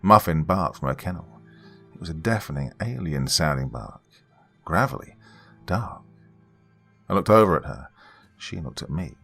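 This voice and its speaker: A man tells a scripted horror story in a very deep voice that still rises and falls a great deal. His delivery is measured and hushed. Faint music plays underneath. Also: animated, gravelly, breathy edge.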